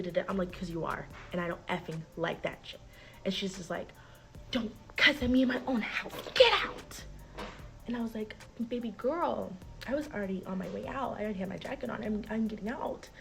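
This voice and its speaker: A woman's voice: mid-range voice, gravelly, poor audio. A young woman telling a personal story in a casual vlog, acting out the people she quotes and saying "like" a lot. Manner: animated, acts out quoted voices, filler-heavy "like". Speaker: storyteller recounting a personal dispute.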